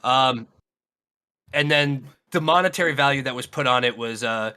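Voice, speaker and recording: A man co-hosting a gaming podcast, talking in an easygoing, halting way. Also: mid-range voice, pushed and bright, smooth. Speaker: podcast co-host. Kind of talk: casual gaming podcast chat.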